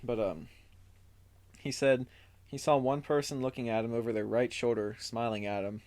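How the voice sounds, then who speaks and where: Mid-range and a bit mellow, this man's voice stays fairly even at an ordinary speed. He co-hosts a podcast, casually recounting a story from his notes, filling it with fillers and reading quotes aloud.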